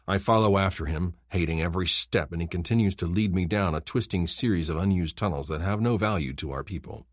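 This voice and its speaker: This scripted audiobook narration features a man whose voice sits low, telling the story in an even, measured way. The recording is dry, with clean studio sound.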